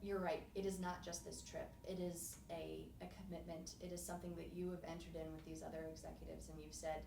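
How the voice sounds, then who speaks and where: Lady interviewer off mic, lowish voice, roomy echo, rambly questions. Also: level tone, a little fast, creaky, recorded from a distance, noisy background. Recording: echoey, off-mic with faint ambience.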